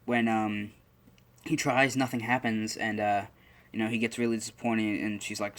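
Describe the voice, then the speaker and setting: A man's voice: lowish voice, level tone, moderate pace, fairly bright tone. A young man casually making up and telling a fan-fiction story, rambling with lots of fillers and restarts.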